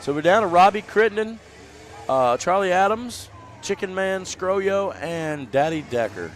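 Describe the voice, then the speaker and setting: A man's voice: high-pitched, sing-song, unhurried, a little hiss or hum. A man with a Southern American accent, chatting easygoing live commentary at a demolition derby outdoors. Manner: chatty, easygoing, thinking aloud. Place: outdoors at a racetrack.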